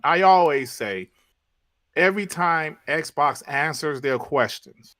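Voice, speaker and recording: Bright, animated man ranting. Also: fairly high pitch, slow. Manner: animated ranting with repeated punchlines. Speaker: podcast panelist. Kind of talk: casual podcast chat.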